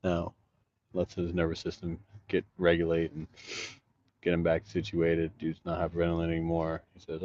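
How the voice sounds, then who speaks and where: Deep-voiced, profane male vlogger who tells rambling stories, recorded on dull, muffled audio. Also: monotone, moderate pace, darkish tone, no echo. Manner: rambling, profane, restarts sentences. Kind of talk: casual storytelling vlog. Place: outdoors in an urban jungle, sleeping rough.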